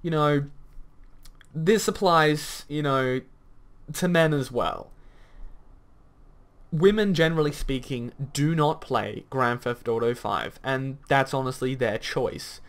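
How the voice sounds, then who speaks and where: A man's voice: medium pitch, takes it slowly, pauses often. Blunt, rambling male gaming commentator. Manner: blunt, argumentative, swearing; rambling with many fillers. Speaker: commentary video host. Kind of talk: reaction commentary rant.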